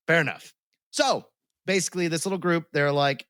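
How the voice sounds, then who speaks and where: A man's voice: fairly high pitch, normal speed, pushed and bright, dry recording. A man hosting a podcast, retelling a story in casual chat, laughing often and swearing freely. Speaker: podcast host.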